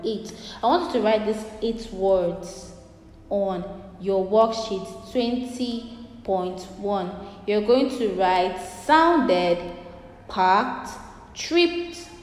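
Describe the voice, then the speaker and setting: A woman leads a children's phonics lesson at a slow, careful pace, saying each word and then repeating it. Her voice rings in an echoey room with a long reverb tail. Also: mid-range voice, a little mellow. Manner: slow, deliberate, repeats words for pupils to copy. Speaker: teacher.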